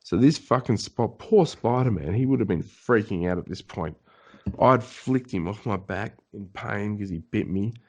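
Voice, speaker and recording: A man co-hosting a podcast, telling a long story in a loose, casual chat. His delivery is animated and full of swearing. He slips into voices for the people he is describing. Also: lowish voice, moderate pace. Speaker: podcast co-host.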